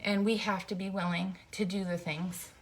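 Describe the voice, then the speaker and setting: A woman's voice: on the low side, level tone, moderate pace, a little hiss or hum. A middle-aged woman hosting a faith-based vlog, giving an earnest, emotional pep talk while folding t-shirts indoors. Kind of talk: heartfelt encouraging talk.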